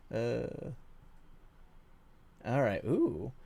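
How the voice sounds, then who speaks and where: A man's voice: medium pitch, gravelly. A man in his thirties chatting casually with his viewers while gaming at home at night, rambling and self-deprecating, with lots of fillers and idle humming. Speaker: livestream gamer.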